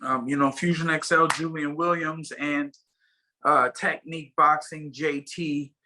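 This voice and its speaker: Bright-voiced man rambling in an interview. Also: fairly high pitch, flat delivery, a little slow, rough recording. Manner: rambling, many fillers and restarts. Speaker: fighter interviewed as guest. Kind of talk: casual interview chat.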